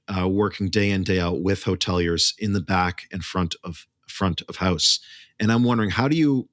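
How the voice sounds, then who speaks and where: A man hosting an interview, asking long, measured questions. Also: on the low side, fairly bright tone, no room sound, clean studio sound. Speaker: interview host.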